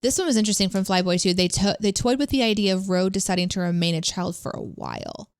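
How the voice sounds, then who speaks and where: A woman's voice: medium pitch, big pitch swings, fast talker, smooth, no echo, studio quality. A woman co-hosting a podcast in casual chat, reading out listener comments. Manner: chatty, reads listener comments. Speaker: podcast co-host.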